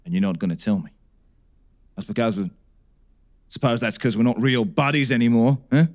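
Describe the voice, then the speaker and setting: An actor playing a wheedling, self-pitying captive doctor in a comedy audio drama. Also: male voice, medium pitch, normal speed, a little mellow, lightly acted. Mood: wounded.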